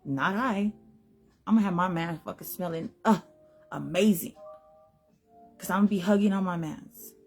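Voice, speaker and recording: A woman's voice: fairly low pitch, moderate pace, pauses often, husky, soft background music. Blunt, foul-mouthed woman ranting. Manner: blunt, emphatic, heavy swearing. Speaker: podcast host. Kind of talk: profane opinion rant.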